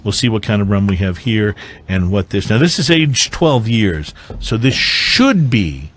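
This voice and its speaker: Animated, chatty male podcast host. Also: lowish voice, unhurried. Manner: animated, meandering with many fillers. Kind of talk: casual tasting chat.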